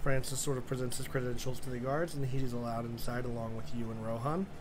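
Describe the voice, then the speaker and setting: A laid-back man narrating a tabletop adventure as game master, easygoing and casual. His voice sits at a middle pitch with a faint hum behind it. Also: fast. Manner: relaxed, casual with fillers.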